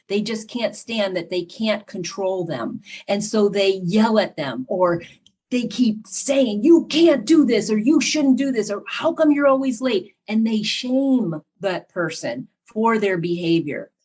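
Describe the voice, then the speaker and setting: Middle-aged woman, husky voice, earnest guest who explains by acting out examples. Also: on the low side, a little mellow. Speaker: podcast guest and leadership teacher. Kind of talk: conversational interview talk.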